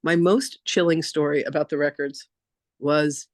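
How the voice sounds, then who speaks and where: A woman spiritual teacher leading a masterclass, telling stories in a chatty, animated way with lots of casual fillers. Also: deep voice, unhurried, no echo, studio quality. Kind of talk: casual storytelling lecture.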